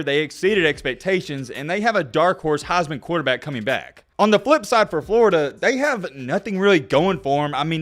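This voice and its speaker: A young man hosting his own video channel, talking excitedly about college football and swinging between shouting bursts and calmer explanation. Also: a little high. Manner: animated, bursts into shouting then calms down. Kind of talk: excited vlog commentary.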